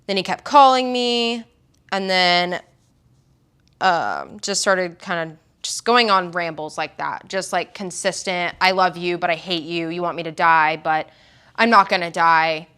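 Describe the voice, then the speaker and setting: A woman's voice: fairly low pitch, sharp tone, clean tone. A young woman from Oklahoma telling her story in an interview, rambling and full of "like" and quoted dialogue.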